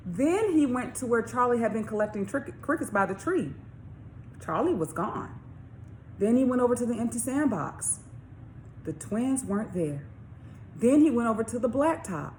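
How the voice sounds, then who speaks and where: A woman author reading her children's story aloud, expressive, with questions to young listeners. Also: on the high side, a little hiss or hum. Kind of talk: storybook read-along for children.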